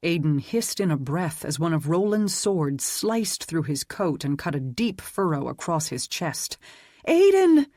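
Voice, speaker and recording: An audiobook narrator reading a dark fantasy story in a steady, even storytelling manner. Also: medium pitch, measured pace, few pauses, no echo, clean studio sound. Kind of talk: scripted narration.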